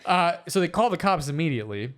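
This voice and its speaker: A man co-hosting a comedy podcast, chatting casually and reading posts aloud in an animated, jokey way. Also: on the high side, fast. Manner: animated, jokey, slips into silly voices. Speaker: podcast co-host.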